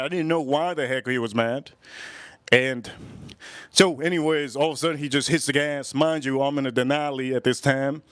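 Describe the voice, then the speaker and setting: Middle-aged male live-stream cook, rambling and salty-mouthed, higher voice, dry close sound. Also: fairly bright tone, no echo. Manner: rambling, profane, repeats himself. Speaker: cooking livestream host. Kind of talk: casual live cooking chat and storytelling.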